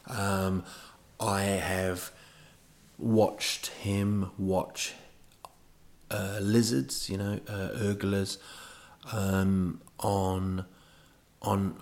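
A man hosting a podcast, telling a rambling comic monologue full of digressions and self-mocking asides. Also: low-pitched. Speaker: podcast host.

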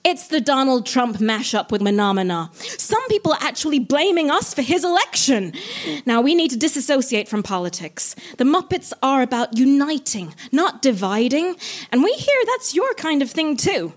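An earnest male frog puppet running his show in a businesslike way, as a woman reads him. The voice stays close to the reader's own, with lively swings of pitch. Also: moderate pace.

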